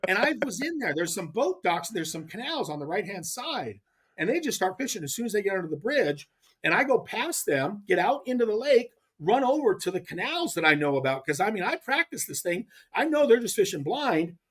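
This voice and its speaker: Animated middle-aged storyteller man. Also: high-pitched, fairly quick, husky. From US West Coast. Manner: lively, laughing, repeats words when excited. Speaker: podcast guest, pro angler. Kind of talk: animated storytelling in casual chat.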